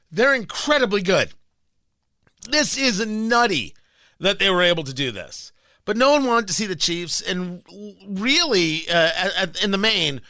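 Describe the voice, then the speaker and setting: A middle-aged man delivers a talk radio monologue in a high, lively voice that swings widely in pitch. He sounds bright and pressed, opinionated and amused at himself, stumbling into restarts. The sound is close and dry. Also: dry recording. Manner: animated, opinionated, self-amused, frequent restarts. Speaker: radio and podcast host.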